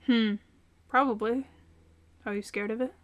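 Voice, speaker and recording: A woman reading the lines of a protective young man who speaks softly and reassuringly, with brief flares of anger. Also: fairly high pitch, steady tone, unhurried, dry recording, natural voice. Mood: gentle.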